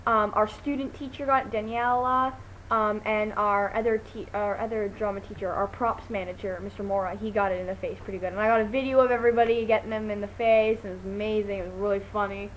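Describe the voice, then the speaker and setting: This fast-talking teenage girl tells a meandering story in a casual vlog, chatty and full of ums and false starts, with sudden excited, high quoted voices. It's a rough recording carrying a bit of hiss or hum.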